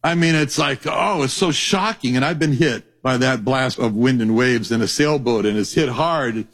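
A man teaching a sermon on a Bible passage, telling stories in a lively way and acting out the voices of people in them. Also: medium pitch, normal speed. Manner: animated storytelling, acts out quoted voices.

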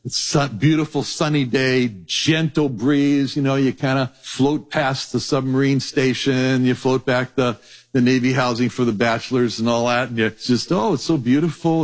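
A middle-aged man preaching a sermon, telling stories with lively acted-out voices. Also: medium pitch. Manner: animated storytelling, acts out voices.

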